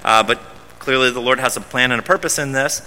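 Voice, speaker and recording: A man's voice: medium pitch, brisk, bright, forceful tone. A male pastor preaching an expository sermon in a conversational way, often repeating and restarting words. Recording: long reverb in a large hall.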